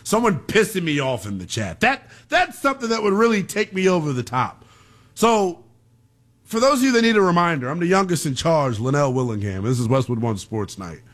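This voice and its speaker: A man hosting late-night sports talk radio with a brash, slangy delivery. His pitch runs a bit high and swings widely as he rants and fields callers. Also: sing-song, a little fast, a bit bright. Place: radio studio.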